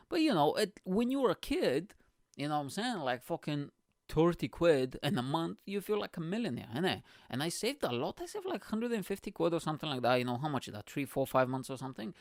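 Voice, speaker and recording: A man's voice: mid-range voice, dry recording. A man, full of swearing and asides to the listener. He laughs at his own tale as he goes. The recording is close and dry. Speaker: comedian and podcast host. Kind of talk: storytelling monologue.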